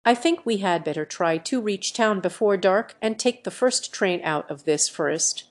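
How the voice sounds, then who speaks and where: Synthetic woman reading a polite English gentleman. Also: mid-range voice, lively intonation, normal speed, natural voice. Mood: urgent.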